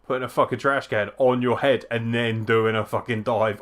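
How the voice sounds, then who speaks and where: A young man hosting a live wrestling watchalong, reacting excitedly, swearing often and breaking into laughs and shouts. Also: medium pitch, normal speed, hardly any pauses.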